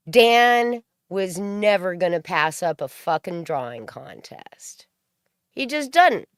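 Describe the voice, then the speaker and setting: A woman's voice: medium pitch, no room sound, clean studio sound. A woman hosting a stream, giving a profane, mocking commentary rant.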